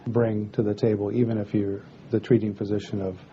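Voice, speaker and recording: A man surgeon speaking calmly and matter-of-factly in an interview. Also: on the low side, fairly quick, highs cut off, slight background noise.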